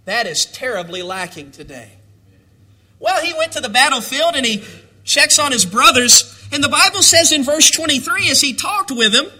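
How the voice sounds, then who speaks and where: A man's voice: very high voice, big pitch swings, normal speed, pushed and bright. A man preaching a sermon, reading scripture with lift and emphasis and acting out the voices of its figures. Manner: bible reading in a lifted, emphatic voice.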